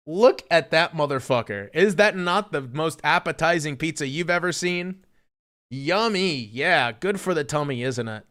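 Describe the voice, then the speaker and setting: Young guy streamer going off about food, cussing a lot, bright kinda high voice. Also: expressive, unhurried. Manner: profane, mocking, incredulous. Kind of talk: casual livestream rant.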